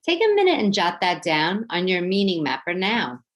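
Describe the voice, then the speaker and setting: A woman teacher with a New York accent leading a children's phonics lesson, slow, clear and encouraging as she sounds words out. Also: lowish voice, sing-song.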